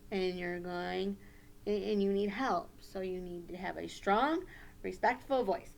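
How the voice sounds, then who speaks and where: A woman teacher running a puppet lesson for young children, gentle and coaching. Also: mid-range voice, moderate pace, gravelly.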